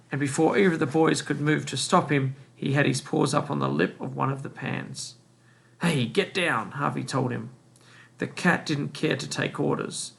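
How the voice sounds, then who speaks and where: A man reading a novel aloud in a plain, unhurried way. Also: mid-range voice, gravelly, a bit bright. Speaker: reader.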